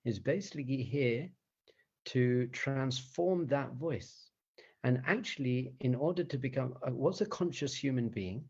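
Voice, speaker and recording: A man, a rabbi, teaching meditation in a conversational, animated way, often chuckling and asking the listeners rhetorical questions. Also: mid-range voice, breathy edge, dull audio.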